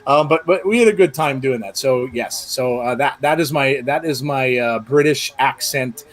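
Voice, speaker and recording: A middle-aged man co-hosting a live podcast, easygoing and chatty. His talk rambles and is full of fillers and restarts, and his pitch sits in a typical middle range. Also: moderate pace. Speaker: podcast co-host. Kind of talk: casual live-show chat.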